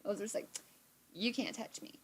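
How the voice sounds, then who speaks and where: A woman's voice: medium pitch, moderate pace, slightly rough. A young adult woman telling a story casually on a live stream, acting out quotes and swearing freely. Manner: animated, swearing, acts out quotes. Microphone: streaming from a computer.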